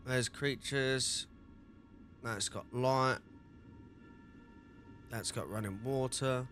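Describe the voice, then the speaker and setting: A man's voice: mid-range voice, drawn-out words, a bit bright, soft background music. A man giving casual commentary while playing a game, reading dialogue and talking through his moves. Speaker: gaming video creator.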